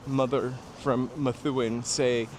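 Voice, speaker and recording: This man's voice is medium in pitch, level in tone, and slow. He's a livestream host from New Hampshire walking outdoors at night on a city street, rambling about nostalgic memories and talking with viewers over street traffic and city ambience.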